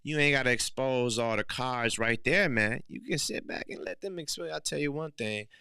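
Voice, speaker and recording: A man hosting a podcast, talking in a casual motivational monologue full of street slang, now and then rising into loud emphatic bursts. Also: medium pitch, moderate pace, creaky, clear, resonant tone, no room sound, studio quality. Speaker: podcast host.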